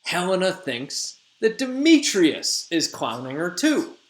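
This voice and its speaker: A teacher in his thirties retells a play in casual, slangy talk full of jokes. His voice sits a little high. The recording has the ring of an echoey room. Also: sing-song, slow. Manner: chatty, slangy, jokey.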